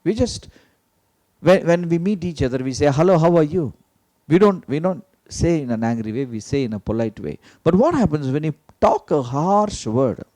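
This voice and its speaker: A man's voice: a little high, darkish tone, no echo. A man giving an emphatic motivational teaching talk, repeating key phrases and asking rhetorical questions. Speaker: motivational speaker.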